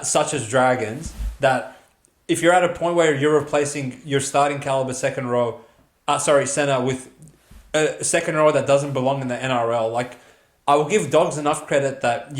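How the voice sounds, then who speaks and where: A man co-hosting a sports podcast, breaking down games with blunt, profane chat. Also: medium pitch. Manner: blunt, profane, chatty analysis. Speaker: podcast co-host. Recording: roomy echo.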